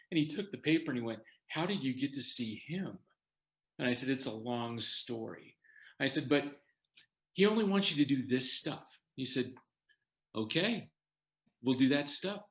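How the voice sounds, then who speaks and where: An older man telling his own story in a talk, quoting others' words as he goes. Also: mid-range voice. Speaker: guest sharing his story.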